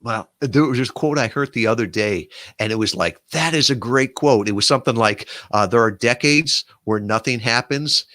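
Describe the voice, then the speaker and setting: Casting: male podcast host, mid-pitched, talkative and loose, dry close mic. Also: normal speed, hardly any pauses, pushed and bright, no room sound. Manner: chatty, rambling with fillers and restarts. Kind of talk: interview podcast.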